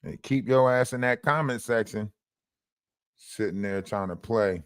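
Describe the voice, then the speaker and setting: A man's voice: lowish voice, unhurried, clean tone, no echo, clean studio sound. A man hosting a livestream, ranting in a mocking, profane way and repeating lines for emphasis. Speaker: livestream host. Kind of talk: heated livestream rant.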